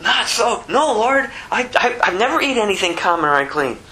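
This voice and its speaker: A man's voice: sits high, sing-song, brisk, sharp tone, voice pushed up, exaggerated voice. A man voicing a stubborn, devout apostle who insists and pleads, raised above his own preaching voice. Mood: protesting.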